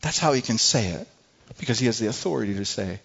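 A man's voice: lively intonation, fast talker, vocal fry, husky, muffled recording. Passionate male pastor preaching. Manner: passionate preaching, swinging from soft and low to loud and high, repeating words. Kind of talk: sermon.

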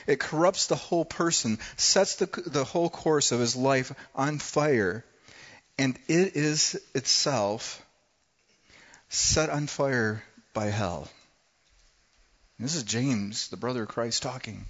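A man preaching a sermon, telling a personal story in a conversational way with dramatic pauses. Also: mid-range voice, lo-fi sound. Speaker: pastor.

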